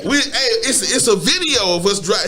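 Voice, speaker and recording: A man's voice: sits high, expressive, fairly quick, loud music behind the voice. A man who is a guest on a podcast, telling a story in casual, profane slang, stumbling over repeated words and laughing often.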